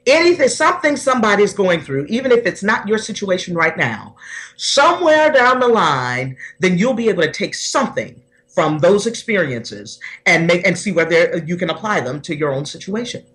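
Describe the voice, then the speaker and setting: A woman's voice: lowish voice, big pitch swings, normal speed, a bit bright. Earnest woman coach, heartfelt. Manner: earnest, heartfelt, many restarts. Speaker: personal development coach. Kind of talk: podcast interview guest.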